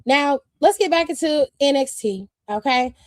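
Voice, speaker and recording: Sassy high-voiced woman streamer. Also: expressive, normal speed, dry recording. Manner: sassy, blunt, profane, laughs often. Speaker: streamer host. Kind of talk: casual livestream chat.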